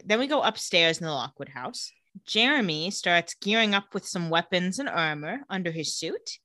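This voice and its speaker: A woman co-hosting a podcast, recapping a TV episode in casual chat, animated and full of "like" with the odd swear. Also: on the low side, moderate pace, dry recording, clean studio sound. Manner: animated storyteller, heavy use of "like", swears casually.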